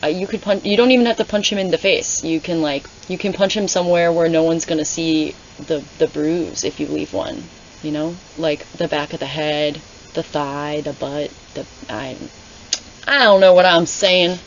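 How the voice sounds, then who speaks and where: A woman with a low-pitched voice talks at normal speed, with a little hiss or hum over slightly dull lo-fi audio. She's a booktuber reading along, offering casual, sarcastic, exasperated commentary and rambling off into asides.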